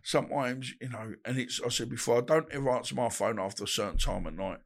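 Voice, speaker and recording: A man's voice: mid-range voice, quick pace, creaky. A man, telling stories bluntly in a casual interview and acting out the dialogue he quotes. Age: 50s. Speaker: guest, boxer.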